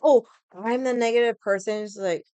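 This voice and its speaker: At a moderate pace, a young adult woman rants to her stream in a voice on the high side with a dark, clean tone. Her casual venting is profane and exasperated, with mocking impressions of other people. There's no echo.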